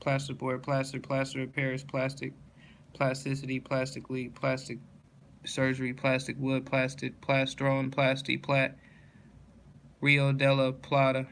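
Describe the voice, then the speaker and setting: Flat, slow monotone man reading words. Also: medium pitch, slight background noise. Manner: monotone word-list reading with slips and restarts. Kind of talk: reading dictionary entries aloud.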